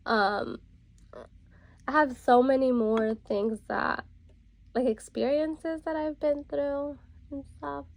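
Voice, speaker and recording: A woman's voice: high-pitched, slow, vocal fry, long pauses. A young woman vlogger telling a casual storytime while getting ready, chatty and full of fillers. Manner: chatty, many fillers like "like" and "bro".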